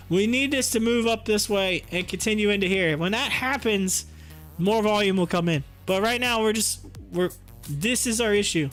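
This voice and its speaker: A man's voice: high voice, moderate pace, a bit bright, faint music behind. A man doing casual live-stream commentary on stocks, joking and laughing often and slipping into mocking voices.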